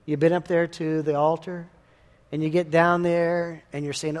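A man's voice: a little high, level tone, measured pace, a little mellow. A man preaching a sermon in a folksy, conversational way, telling everyday stories to make his points. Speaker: pastor.

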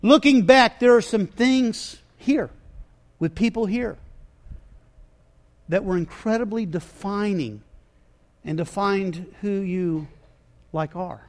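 A man preaching with a high-pitched voice and an unhurried, drawn-out pace. He swings from hushed, quiet passages to loud, shouted ones, repeating words and restarting as he builds his point. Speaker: pastor. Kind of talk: sermon.

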